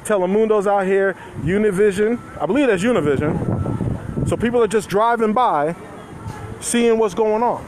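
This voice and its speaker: A man's voice: sits high, normal speed. A man reporting live from a street protest on a handheld phone, loose and conversational, chuckling and talking to his viewers. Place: outdoors by a street. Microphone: phone held in hand. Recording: faint outdoor street noise. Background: passing cars and street noise.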